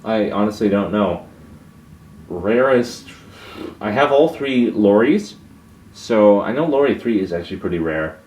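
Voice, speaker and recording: A man's voice: lowish voice, expressive, measured pace, pauses often, darkish tone. A young man answering viewer questions in a casual, hesitant monologue, with many fillers and restarts.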